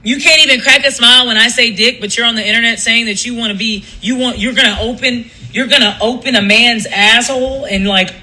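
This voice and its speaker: A man's voice: very high-pitched, steady tone, a little fast, few pauses, sharp tone, poor audio. A man hosting a livestream, ranting casually in a blunt, profane, gossipy way. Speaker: livestream host.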